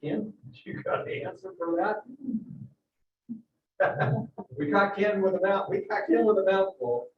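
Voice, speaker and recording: A man presenting a report at a meeting in a relaxed, informal way, often repeating words as he goes. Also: high voice, a little slow, long pauses. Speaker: work group member presenting a report. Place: meeting room. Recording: echoey room, far-off muffled mic with faint hiss.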